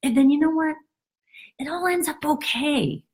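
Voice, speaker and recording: A woman realtor talking casually to camera, acting out quoted worries in a higher voice. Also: normal speed. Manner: animated, acts out quoted thoughts in a high voice. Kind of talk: casual explainer monologue.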